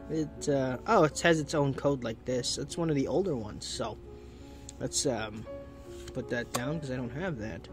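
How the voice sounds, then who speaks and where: Chatty man with hiccups, lively voice. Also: medium pitch, measured pace, music in the background. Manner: chatty, easily delighted, thinks aloud. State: has the hiccups. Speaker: YouTuber opening trading card packs. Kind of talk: casual unboxing commentary.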